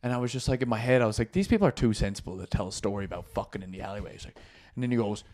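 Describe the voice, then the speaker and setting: A man hosting a podcast, telling a rowdy story in casual chat, animated and profane, often laughing. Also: lowish voice, racing. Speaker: podcast host.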